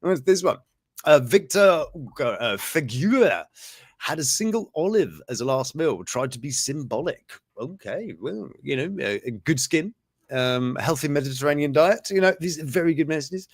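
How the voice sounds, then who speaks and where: Hosting a casual show at a normal speed, a man reads out strange news items in an animated, slightly high voice that swoops up and down. Frequent chuckles and mid-sentence asides mark his delivery, captured close and dry with no room sound.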